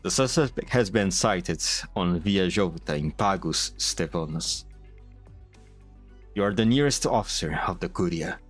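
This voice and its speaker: A man doing an older church official, grave, formal, measured, fairly low voice, faint music underneath. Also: expressive. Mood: stern. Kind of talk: amateur reading of game dialogue.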